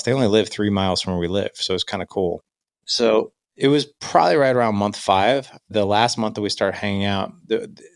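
Man, 30s, deep voice, reflective personal storytelling, dry sound. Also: no room sound. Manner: candid, reflective, quotes himself and others.

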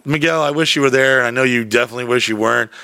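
A man's voice: mid-range voice, rapid-fire, sharp tone, dry recording. Profane rambling man telling a story. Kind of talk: casual storytelling chat.

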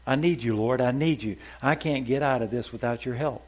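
A man's voice: mid-range voice, brisk, natural voice. A man voicing a desperate man hanging from a cliff, crying out and pleading to God.

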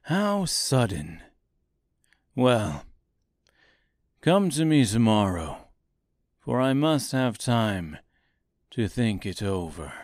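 A man's voice: lowish voice, very animated, drawn-out words, pauses often, a little mellow, no room sound, studio quality, heavily acted. A man voicing a timid little old man posing as a great wizard, speaking meekly in a trembling voice. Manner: trembling, meek, pleading.

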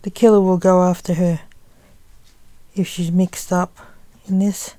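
A woman's voice: fairly low pitch, little pitch movement, a little slow, mellow, no room sound, lightly acted. A woman reading the part of a stern, fatherly enchanter in a story. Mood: dismissive. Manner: stern, dismissive. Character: fatherly stern man, sword-wielding enchanter.

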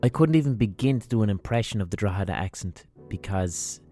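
A man's voice: fairly low pitch, expressive, a little fast, mellow, faint music behind. A man with a Limerick accent hosting a podcast with a rambling, sweary comic monologue. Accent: Limerick, Irish. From Ireland. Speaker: podcast host.

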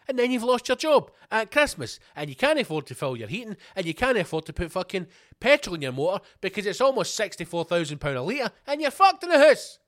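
A man's voice: high voice, sing-song, a little fast, fairly bright tone, no echo, clean studio sound. A Scottish man hosting a podcast, ranting angrily with heavy swearing and repeated rhetorical questions. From Scotland. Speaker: podcast host. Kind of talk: ranting monologue.

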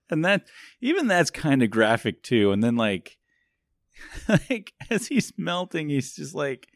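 A man's voice: a little high, huge pitch swings, slow pace, long pauses, no echo, clean studio sound. A man co-hosting a podcast, casually recapping a movie in a rambling, jokey way, laughing often and filling with "like". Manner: rambling, frequent laughs and "like" fillers; jokey, self-mocking. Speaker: podcast co-host.

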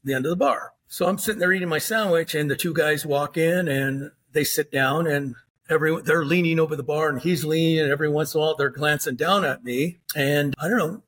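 A man's voice: a little high, fairly quick, a bit bright. An older man, a former undercover officer, tells a story in a plainspoken way and acts out the dialogue. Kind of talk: storytelling interview.

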